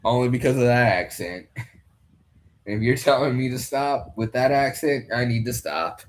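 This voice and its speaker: A man's voice: mid-range voice, lively intonation, normal speed. A young man hosting a casual fight commentary, rambling loosely and swearing now and then. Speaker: podcast host commentating a fight card.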